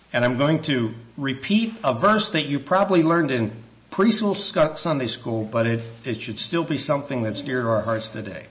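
Man, sermon, earnest, measured, hesitant restarts, church. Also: mid-range voice, a bit bright. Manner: earnest, measured, reads scripture slowly. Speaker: preacher.

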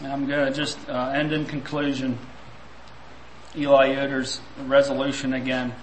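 A man's voice: medium pitch, little pitch movement, normal speed, reverberant, slight background noise, rough recording. A man preaching a sermon, reflective and full of rhetorical questions.

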